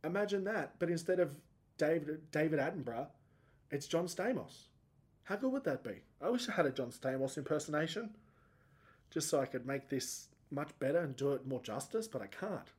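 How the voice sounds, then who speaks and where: A man's voice: a little high, lively intonation, normal speed. A man in his thirties hosting a solo podcast, rambling and self-mocking, his voice cracking upward when he gets emotional. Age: 30s. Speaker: podcast host.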